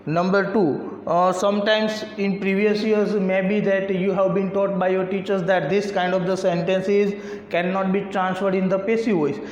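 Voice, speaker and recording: A man's voice: high voice, little pitch movement, darkish tone. A man with an Indian English accent teaching a grammar lesson, asking and answering his own questions step by step. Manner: slow, repetitive questioning. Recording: echoey room, slightly dull lo-fi sound.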